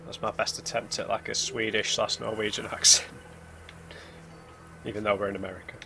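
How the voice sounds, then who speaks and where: A man with a gravelly, creaky voice talks his way through a game, half-musing and half-muttering to himself as he pieces clues together. Eerie music and hymn-like singing play clearly beneath his commentary. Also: fairly low pitch, flat delivery, normal speed. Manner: musing aloud, thinking things through as he explores. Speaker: let's play gamer. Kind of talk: blind let's play commentary. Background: eerie game music and hymns.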